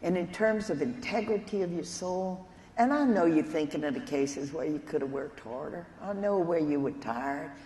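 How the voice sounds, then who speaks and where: A woman's voice: deep voice, expressive, normal speed, mellow. A woman, a nun, giving an earnest storytelling keynote talk and speaking directly to an audience of lawyers. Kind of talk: conference keynote speech. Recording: echoey hall, faint room noise.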